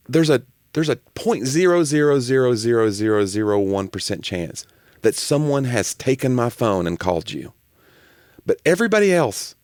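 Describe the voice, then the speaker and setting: A man's voice: mid-range voice, dry recording, studio quality. A man with a mild Southern US accent, a comedian co-hosting a podcast in casual chat, ranting with rising emphasis. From Southern United States. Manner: animated, rants with rising emphasis.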